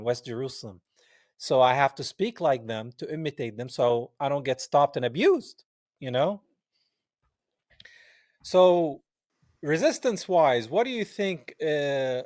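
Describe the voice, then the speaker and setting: In a mid-range voice captured cleanly in the studio without echo, a podcast host from Palestine conducts a relaxed interview. He talks emphatically and with real fervor, punctuating points with rhetorical asides.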